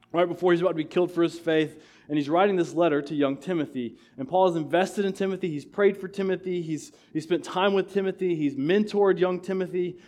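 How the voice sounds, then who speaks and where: A man's voice: a little high, darkish tone. A male pastor preaching a sermon in a church, impassioned and emphatic, repeating key phrases. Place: church sanctuary.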